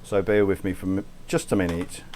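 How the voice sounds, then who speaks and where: The host of a cooking livestream speaks in a low, steady, slightly mellow voice, a little fast, over slight background noise. Chatting casually as he cooks, he thanks viewers by name, swears mildly, cuts himself off often, and keeps up an unnamed put-on accent for the entire stream.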